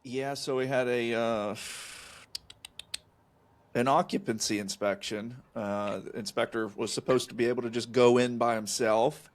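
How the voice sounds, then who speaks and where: A man's voice: mid-range voice, fairly even intonation, a little slow. A man co-hosting a casual podcast chat, talking in a rambling, folksy way with lots of fillers and restarts. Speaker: co-host, real estate agent.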